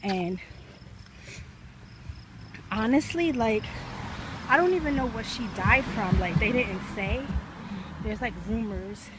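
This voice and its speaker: A woman's voice: a little high, slow, pauses often, very noisy. A woman vlogging while she walks outdoors, a little out of breath, talking passionately and rambling with lots of fillers. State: a little out of breath from walking uphill. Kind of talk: casual vlog talk. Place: outdoors, walking in hot weather.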